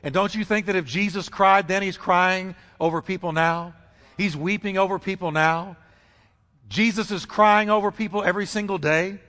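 A man preaching a sermon as pastor, emphatic and dramatic, repeating phrases and swinging his pitch for effect. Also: steady tone, normal speed, pushed and bright. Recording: long reverb of a large hall.

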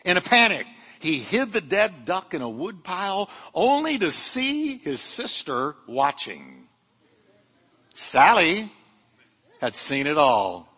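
A man's voice: on the high side, bright, forceful tone, slightly rough, long reverb tail. A male pastor preaching a sermon, fervent and emphatic, with humorous asides to his congregation. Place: church sanctuary.

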